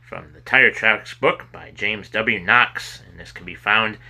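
A man with a fairly low, forceful voice reads a children's chapter book aloud. His delivery is lively and expressive, with sudden loud cries when the characters yell. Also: measured pace, gravelly. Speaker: storybook reader. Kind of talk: children's story read aloud.

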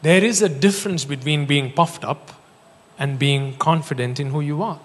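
Male preacher, fairly high voice, animated storytelling sermon in a reverberant hall. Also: normal speed. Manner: animated storytelling, jokes and laughs.

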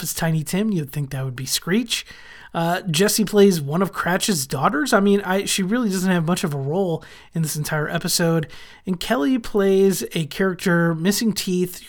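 A man hosting a podcast, casually recapping a TV episode with wry asides and frequent pauses of "uh". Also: high voice. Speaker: podcast host.

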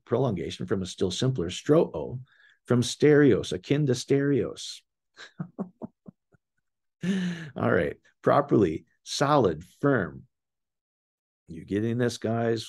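Husky low-voiced man teaching scripture. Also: a little mellow. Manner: enthusiastic, explanatory, addresses listeners as guys. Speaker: bible teacher. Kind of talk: casual scripture word study.

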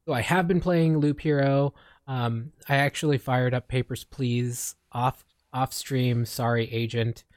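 Speaking in a mid-range voice with a steady tone and measured pace, a young Filipino man rambles through casual streamer chat, restarting and filling gaps constantly. He streams and co-hosts a podcast, and the mic is totally dry.

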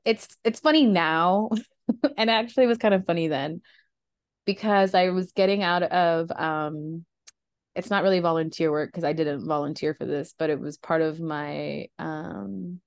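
Low-voiced woman, rambling podcast chat. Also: steady tone, moderate pace, no echo, studio quality. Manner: rambling, trails off with fillers and nervous laughs. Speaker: podcast host. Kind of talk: casual conversation about grief.

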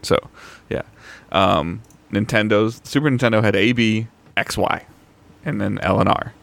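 Gravelly low-voiced male podcast co-host. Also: steady tone, a bit bright. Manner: halting, many fillers and restarts. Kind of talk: casual chat.

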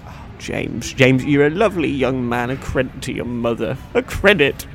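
Guy putting on a sweet chatty old granny, breathy and wobbly, swooping way up high, a bit gravelly. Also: animated, normal speed, close to an everyday voice. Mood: doting. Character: chatty old woman named Deirdre, doting. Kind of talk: improvised comic role-play.

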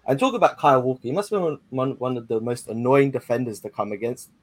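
Man, podcast caller, chatty, joking, excitable football talk. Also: medium pitch, fast, no echo. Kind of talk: casual football chat.

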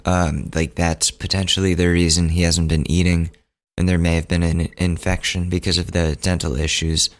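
A young man hosting a solo podcast, tired and a bit hoarse, talking casually and circling back over his words. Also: deep voice, level tone, moderate pace. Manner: rambling, self-interrupting, casual. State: losing his voice, fatigued. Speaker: podcast host.

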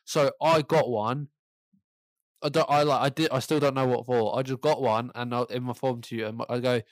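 A man's voice: mid-range voice, steady tone, moderate pace, no room sound. A young man, casually telling school stories as a podcast co-host, laughing often and swearing freely. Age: young adult. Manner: laid-back, swears a lot, laughs often. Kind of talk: casual storytelling chat.

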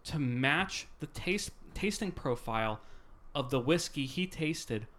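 A man in casual chat, brisk and keeping the others moving. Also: on the high side, animated, a bit bright. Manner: brisk, steers the others along. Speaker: tasting co-host.

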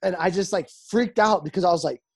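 A young man in his twenties chatting casually, telling animated stories with lots of swearing and acted-out dialogue. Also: high-pitched, quick pace, husky. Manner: animated, swears freely, acts out quoted dialogue. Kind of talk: casual chat, storytelling.

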